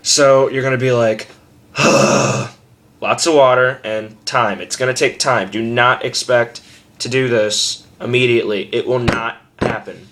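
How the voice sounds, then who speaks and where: A man's voice: medium pitch, fairly even intonation, normal speed, fairly bright tone, a little hiss or hum. A young man giving a casual screaming tutorial at home, rambling and cursing freely, joking at his own expense. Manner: rambling, profane, self-deprecating.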